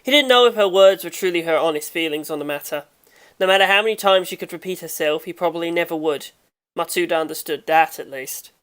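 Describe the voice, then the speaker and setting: A woman narrating a fan audiobook in a steady, measured reading. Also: lowish voice, smooth.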